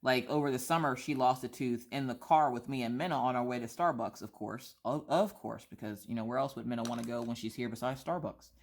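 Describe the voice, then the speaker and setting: Chatty mom telling stories while coloring. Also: female voice, a bass voice, brisk, hardly any pauses. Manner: chatty, animated storytelling with voiced quotes. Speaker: vlogger and mother. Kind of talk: casual chat while coloring.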